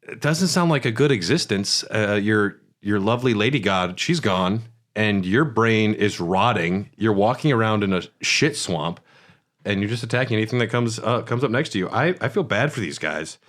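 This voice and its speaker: A man with a lowish voice chatting on a gaming podcast. He talks loosely and swears freely, and he tells his stories with animated energy. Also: normal speed. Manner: loose, profane, animated storytelling. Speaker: podcast co-host. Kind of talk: casual gaming podcast chat.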